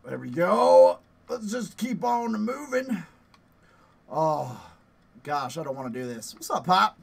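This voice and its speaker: A man streaming a horror game, yelling and playfully cursing at enemies, out of breath after push-ups. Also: a little high, sing-song, slow, vocal fry, slightly rough. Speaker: gaming streamer. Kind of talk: live gameplay commentary.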